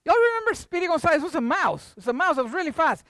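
An older preacher giving a lively sermon, shifting between hushed asides and loud bursts. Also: very high-pitched, rapid-fire, dry recording, clean studio sound. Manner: animated, jumps from hushed to loud.

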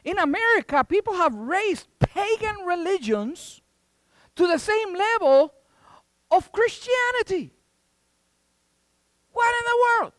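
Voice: extremely high pitch, very animated, slow pace, long pauses, dry recording. A preacher delivering a sermon with emphatic rhetorical questions and folksy asides.

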